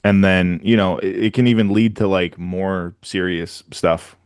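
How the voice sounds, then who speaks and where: A man's voice: low-pitched, steady tone, a little slow, smooth, dry recording, studio quality. A man co-hosting a casual podcast, talking loosely and jokingly with lots of fillers. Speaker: podcast co-host. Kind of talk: casual chat.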